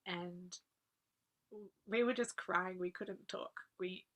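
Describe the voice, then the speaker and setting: Heartfelt woman, lowish voice. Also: fairly even intonation, slow. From Australia. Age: 40s. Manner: earnest, heartfelt, often laughing softly. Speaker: guest speaker. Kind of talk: personal reminiscence talk.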